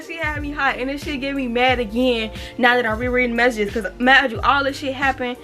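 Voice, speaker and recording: A young woman, telling a storytime on her vlog in an animated way, swearing freely and reading text messages aloud. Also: high voice, brisk, hardly any pauses, faint music behind. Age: 20s. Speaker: vlogger. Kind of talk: casual storytime.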